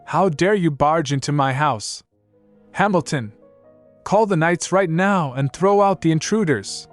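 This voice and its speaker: A man's voice: fairly high pitch, fairly quick, voice pushed up, lightly acted. A man voicing a furious, tyrannical older noble father who bellows in rage, over faint music. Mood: raging.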